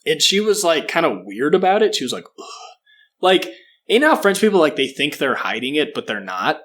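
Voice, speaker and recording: A man's voice: fairly high pitch, big pitch swings, a little fast, fairly bright tone. A man co-hosting a casual comedy podcast, ranting profanely and doing mocking impressions. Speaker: podcast co-host.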